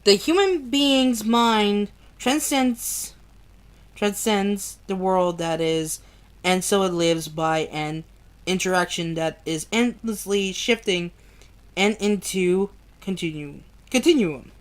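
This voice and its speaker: A woman's voice: mid-range voice, slow pace. A woman reading a book aloud on a stream, who trips over hard words, restarts them and swears and laughs at her own slips. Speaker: amateur reader.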